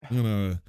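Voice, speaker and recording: A man's voice: very high voice, mellow, no room sound. A man hosting a casual podcast, joking and laughing as he chats with his co-hosts. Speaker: host.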